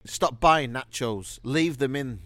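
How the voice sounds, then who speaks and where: A man co-hosting a casual comedy chat over a video call, teasing and quick with jokes and laughs. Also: medium pitch, fairly bright tone, no echo. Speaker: co-host.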